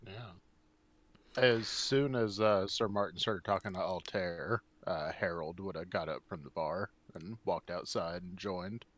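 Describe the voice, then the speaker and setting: A man's voice: sits low, measured pace, fairly bright tone. A man player describing his character in a blunt, cursing way. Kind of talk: casual tabletop game play.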